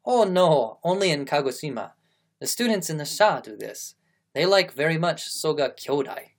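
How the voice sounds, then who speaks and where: A man's voice: a little high, sing-song, normal speed, pitched above the performer's own voice. A man voicing a polite, eager Japanese schoolboy in a stilted period-drama accent. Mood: earnest.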